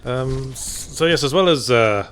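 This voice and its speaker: A man's voice: mid-range voice, lively intonation, a little slow, a bit bright, slight background noise. A man co-hosting a casual gameplay chat, dry and sardonic with wry quips. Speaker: co-host.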